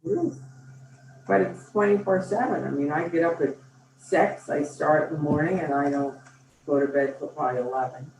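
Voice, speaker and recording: Here the same company founder, an older woman, speaks at a normal pace in a low, slightly mellow voice with some vocal fry. She's a chatty, enthusiastic interview guest who acts out quotes in her animated stories, captured on a distant mic in a roomy space with faint ambience and a little hiss or hum.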